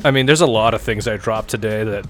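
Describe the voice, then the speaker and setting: A man's voice: on the low side, fast, a bit bright, soft background music. A man in his thirties joking crudely in a casual podcast chat. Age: 30s. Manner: joking, puts on voices of others. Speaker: podcast co-host.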